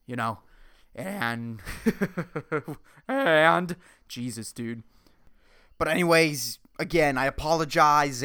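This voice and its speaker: A man's voice: medium pitch, sharp tone, clear, resonant tone. A man hosting a solo podcast, ranting sarcastically with lots of swearing and laughing at his own jokes. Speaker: podcast host.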